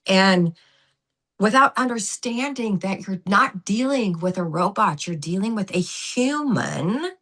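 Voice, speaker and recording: A woman guest on a podcast interview, an animated, emphatic storyteller who acts out what people said. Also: mid-range voice, slow pace. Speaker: guest, former gymnastics coach.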